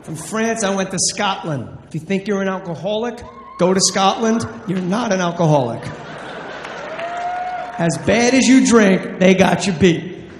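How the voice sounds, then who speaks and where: A man's voice: high-pitched, unhurried. A man from New Jersey doing brash, profane stand-up comedy on stage. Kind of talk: stand-up storytelling. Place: comedy stage in a large hall. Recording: echoey live hall, faint noise.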